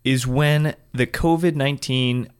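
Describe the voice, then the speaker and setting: A man hosting a podcast, asking curious follow-up questions in a relaxed interview. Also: medium pitch, measured pace, clean tone. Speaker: podcast host. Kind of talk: casual interview.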